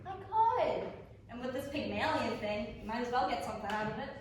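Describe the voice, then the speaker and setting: A woman's voice: on the high side, sing-song, slight background noise. A young woman acting on stage as a blunt, ambitious young legal secretary who swears and laughs easily. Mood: teasing. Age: young adult. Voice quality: brash, swearing, quick to laugh. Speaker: student actor. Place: theater stage. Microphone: far camera. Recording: echoey stage heard from far off.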